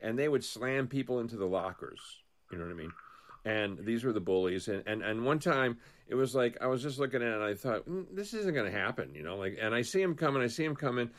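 A man's voice: medium pitch, lively intonation, quick pace. Rambling man in casual political talk. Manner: rambling, restarts often, acts out quotes.

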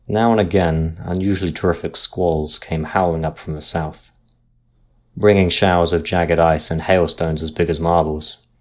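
A man reading a sea ghost story aloud in a measured, dramatic narration style. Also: deep voice.

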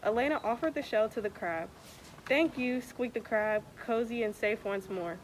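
A young woman reading a children's picture book aloud with expressive, animated storytelling. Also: medium pitch, normal speed, background noise. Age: young adult. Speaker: student athlete reading aloud.

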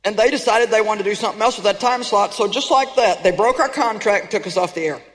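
An older woman delivers an emphatic, animated sermon to a congregation, urging her listeners on. Her voice rings out with a long reverberant tail from a large hall. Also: medium pitch, fast talker. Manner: emphatic, animated, rallying the audience. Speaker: TV preacher.

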